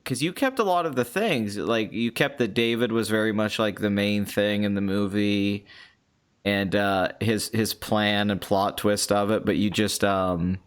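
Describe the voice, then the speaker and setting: A man with a somewhat low voice hosts a casual online chat. He gets excited quickly, swears often and keeps breaking off mid-sentence to restart. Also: smooth. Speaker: podcast host.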